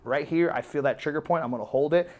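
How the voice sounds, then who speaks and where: A man's voice: fairly high pitch, quick pace, a little mellow. Upbeat chatty male fitness coach. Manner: upbeat, chatty, jokey, says okay often. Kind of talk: casual instructional demo.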